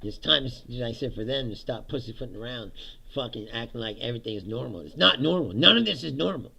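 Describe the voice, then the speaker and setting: A man's voice: medium pitch, animated, fast, gravelly, sharp tone, husky. A middle-aged man hosting a livestream, giving sarcastic political commentary with frequent laughter and swearing. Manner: sarcastic, laughs often, swears, mimics others. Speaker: livestream host.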